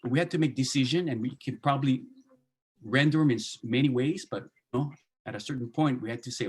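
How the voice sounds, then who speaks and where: A man with a Hawaiian Pidgin accent and a slightly husky, breathy voice, speaking at an ordinary middle pitch. He talks in a relaxed, conversational way, drifting into Pidgin turns of phrase and restarting his sentences. He sounds like he is on a video call. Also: brisk. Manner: easygoing, slips into Pidgin phrasing, many restarts. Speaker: pastor and Bible translator. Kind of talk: casual panel discussion.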